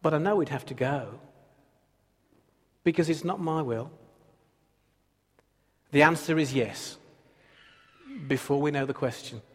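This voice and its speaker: Earnest pastor, fairly high voice. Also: male voice, a little slow, long pauses, husky, in a large hall. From Britain. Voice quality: earnest, builds through repeated phrases. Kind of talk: sermon.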